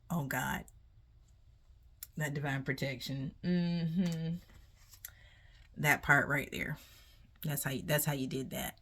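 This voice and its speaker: A woman doing a casual tarot reading for viewers, animated and laughing often, swearing freely. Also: low voice, unhurried, long pauses. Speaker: tarot reader.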